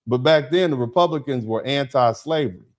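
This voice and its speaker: A man's voice: medium pitch, fairly quick. Emphatic male livestream host. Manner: conversational and emphatic, with repeated "you see what I'm saying". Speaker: host of a live show, a lawyer. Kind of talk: livestream talk, thanking viewers and reading chat.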